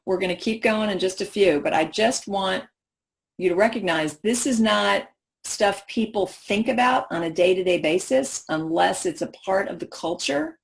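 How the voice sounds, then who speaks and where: Woman workshop presenter, animated, question-driven delivery to a live audience. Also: mid-range voice, moderate pace, vocal fry. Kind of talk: professional development workshop talk.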